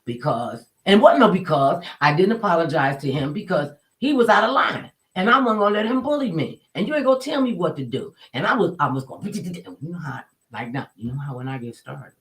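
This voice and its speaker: An animated woman telling a story from her own life in casual, colloquial talk. She acts out the voices of the people she quotes. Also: low voice, fairly quick, hardly any pauses, poor audio.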